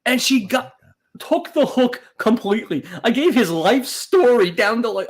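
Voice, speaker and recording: A man co-hosts a casual comedy show and tells stories with big swings in pitch. His voice sits fairly high for a man. He keeps breaking into loud, exasperated bursts. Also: animated, moderate pace. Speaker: podcast co-host.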